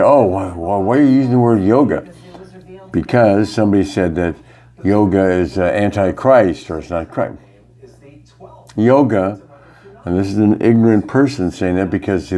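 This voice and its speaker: A man teaching about love and spirituality in a loose, rambling monologue. His voice sits on the low side, and he often stops and fills pauses as he goes. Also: warm tone. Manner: halting, rambling, frequent fillers. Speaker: yoga teacher.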